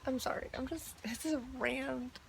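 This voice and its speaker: A woman's voice: high-pitched, steady tone, moderate pace, creaky, a little hiss or hum. A young woman ranting in a video diary, chatty and exasperated, with lots of "like". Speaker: vlogger.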